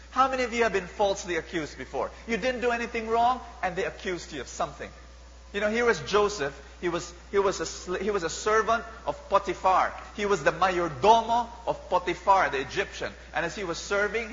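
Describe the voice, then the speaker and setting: Bright-voiced Filipino preacher in a reverberant hall. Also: male voice, sits high. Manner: animated, mixing languages, repeats and rhetorical questions to the crowd. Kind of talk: sermon. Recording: dull lo-fi sound with long hall reverb and faint hum.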